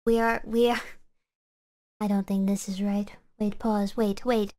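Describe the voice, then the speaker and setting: A woman's voice: medium pitch, flat delivery, a little slow, warm tone, long reverb tail. A woman streaming in a playful, hammy way, with squealing outbursts and mock drama. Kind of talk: playful livestream chat.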